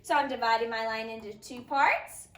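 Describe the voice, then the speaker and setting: A woman teaching a phonics lesson, slowly sounding out letters and praising her students. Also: fairly high pitch. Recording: echoey room, mic at a distance.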